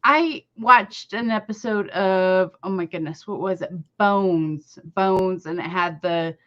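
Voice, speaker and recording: A woman's voice: medium pitch, takes it slowly, lo-fi sound. A woman venting in a casual chat, tired and heated, cursing as she talks. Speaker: guest on a live commentary stream.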